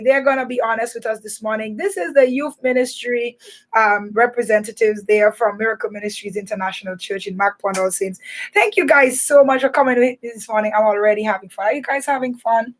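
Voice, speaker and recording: A woman hosting a radio show for children, talking in a playful, animated way. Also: on the high side, brisk. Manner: animated, playful, laughing and teasing. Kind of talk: lively children's radio chat.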